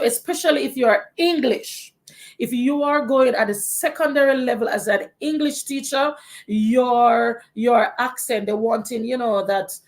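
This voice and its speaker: A woman from Jamaica with a Jamaican accent, a teacher hosting a live Q&A and giving frank, encouraging advice to viewers, often restarting her sentences. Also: on the high side. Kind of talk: live Q&A, answering viewer questions.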